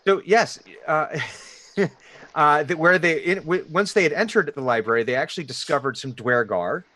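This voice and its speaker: A man's voice: a little high, moderate pace, bright, forceful tone, no echo. A man running a tabletop game as dungeon master, with a Delaware Valley accent, rambling with frequent restarts and laughs.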